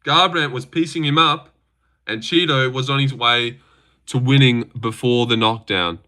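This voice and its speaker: This young man hosts a livestream reacting to fights, speaking a little slowly at medium pitch with a sharp tone. He's loose and crude, cursing, answering chat, and stumbling as he talks.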